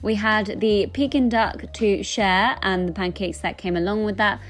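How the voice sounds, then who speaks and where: A woman's voice: medium pitch, steady tone, normal speed. A young woman in her twenties narrating a casual day-in-the-life vlog, chatty and upbeat, talking straight to her viewers. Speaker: vlogger, radiographer.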